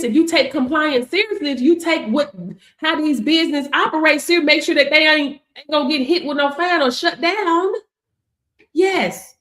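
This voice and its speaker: A business coach gives a casual motivational talk to camera, sassy and emphatic, laughing often and calling her listeners "baby." Her voice is high-pitched, and the room is echoey.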